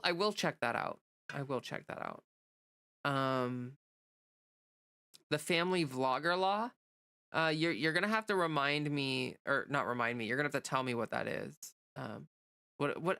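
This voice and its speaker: A woman's voice: low voice, sharp tone, no room sound. Young woman, casual streamer, rambling with fillers and restarts, dry close sound. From United States. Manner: reads chat comments aloud and greets viewers. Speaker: livestream host. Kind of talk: casual livestream chat.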